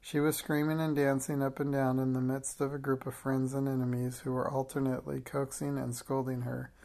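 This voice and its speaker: An audiobook reader narrating a classic children's novel in an even, measured way, with occasional small slips. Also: mid-range voice, vocal fry.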